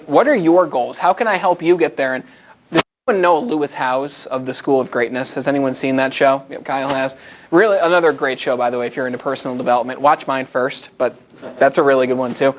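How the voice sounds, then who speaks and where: An upbeat American man presents to a room full of people, bright and engaging. His voice sits a little high for a man, and he shifts easily between chatty asides and direct questions to the crowd. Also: slight background noise. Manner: energetic, conversational, invites the audience. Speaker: motivational speaker. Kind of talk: live presentation to a group. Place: meeting room with a live audience.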